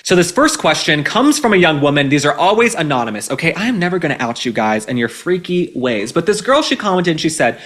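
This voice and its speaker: A man's voice: a little high, sing-song, quick pace, few pauses, a bit bright. A man in his twenties hosting an opinionated commentary and advice show, sarcastic and emphatic, repeating his points. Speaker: host.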